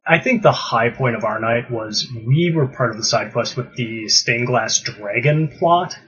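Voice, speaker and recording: A man gushes enthusiastically about a live-action game night in casual chat. His voice has a slightly husky edge. The recording sounds dull and lo-fi. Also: mid-range voice, animated, unhurried, fairly bright tone. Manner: enthusiastic, gushing.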